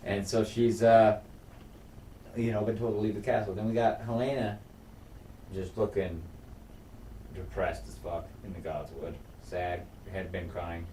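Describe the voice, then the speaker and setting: Deep, mellow man recapping a show, swearing freely. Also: unhurried, long pauses. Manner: profane, animated episode recap. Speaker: podcast co-host. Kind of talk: casual chat. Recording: roomy room, far from mic, faint noise.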